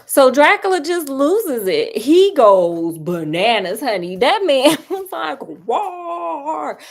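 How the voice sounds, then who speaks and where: A woman giving a chatty, animated casual film review, talking straight to her viewers. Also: sits high, slow. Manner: animated, chatty, calls viewers girl and honey.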